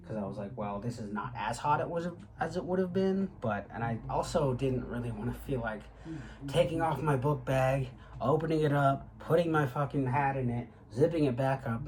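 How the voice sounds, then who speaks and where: A man's voice: medium pitch, a little hiss or hum, low-quality recording. Rambling young man vlogging casually. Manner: rambling, with frequent fillers and profanity. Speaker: graduate student.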